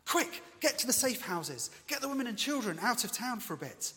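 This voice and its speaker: A man's voice: very high voice, big pitch swings, a little fast, bright, forceful tone, pitched above the performer's own voice, heavily acted. A man voicing alarmed, suspicious early believers in an urgent, raised voice, with a long church reverb.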